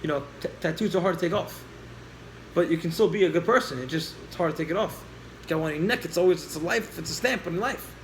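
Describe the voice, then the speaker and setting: A man teaching a class, telling a story with lively acted-out dialogue and questions to the listeners. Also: fairly high pitch, fast talker, a little hiss or hum, rough recording.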